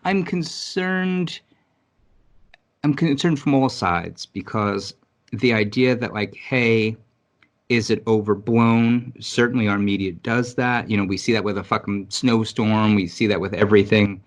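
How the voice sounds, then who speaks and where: In laid-back podcast talk, a New York City co-host is blunt and emphatic, swearing plenty and often restarting. He speaks at normal speed in a voice on the low side.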